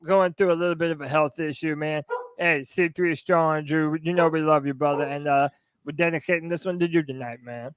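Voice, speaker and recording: A man co-hosting a sports podcast, energetic and hyped. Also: fairly high pitch, brisk, smooth, dry recording. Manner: energetic, hype, shouting out fans. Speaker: podcast co-host. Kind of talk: hype sports podcast talk.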